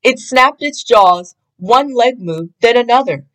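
Slow, expressive storybook-reading woman. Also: on the high side, poor audio. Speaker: storybook reader. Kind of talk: storybook read-aloud.

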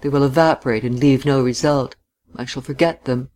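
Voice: mid-range voice, steady tone, a little fast, darkish tone, close to an everyday voice. A reader voicing a flippant young man. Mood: wistful.

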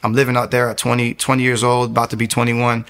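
With a mid-range, monotone, slightly bright voice at a quick pace, the young American guest in his twenties recounts his testimony. He tells it casually and earnestly, rambling and restarting many times.

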